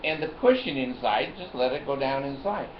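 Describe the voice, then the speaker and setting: A man's voice: medium pitch, expressive, brisk. An older man telling a rambling personal story in a vlog, chuckling often and repeating himself. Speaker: vlogger. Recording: roomy, dull lo-fi recording with faint hiss.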